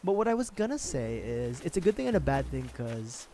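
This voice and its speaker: A man's voice: mid-range voice, big pitch swings, fairly quick, warm tone. A man streaming a video game, chatting casually and rambling, joking, swearing freely and laughing at himself. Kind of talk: casual gaming livestream chat.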